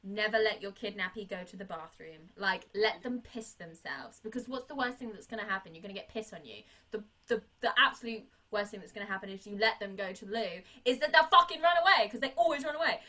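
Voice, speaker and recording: A woman chatting casually on a podcast, retelling a film scene with swearing and quick acted-out character voices. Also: mid-range voice. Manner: animated, swearing, acts out characters in quick bursts.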